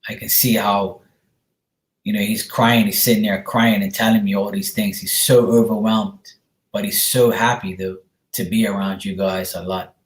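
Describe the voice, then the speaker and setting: A man's voice: fairly low pitch, steady tone, moderate pace. A man, working as a medium and giving a casual, reassuring reading to a viewer, often calling her sweetheart. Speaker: psychic medium. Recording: echoey room.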